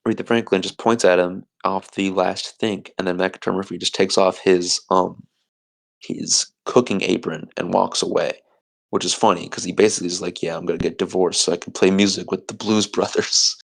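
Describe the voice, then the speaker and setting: A man's voice: sits low, flat delivery, a little fast, creaky, poor audio. A man co-hosting a podcast, rambling through a comedic movie recap and acting out the quotes in silly voices. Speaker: podcast co-host.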